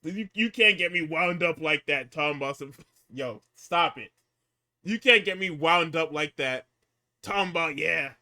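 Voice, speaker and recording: A man co-hosting a casual, profane talk show, recapping wrestling and swinging between hyped outbursts and low muttering. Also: measured pace, pushed and bright. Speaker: podcast co-host recapping wrestling.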